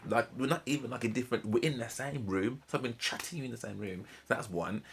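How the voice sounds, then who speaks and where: A man hosting a reaction channel, commenting emphatically in rapid-fire casual talk. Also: mid-range voice, lively intonation, a little hiss or hum.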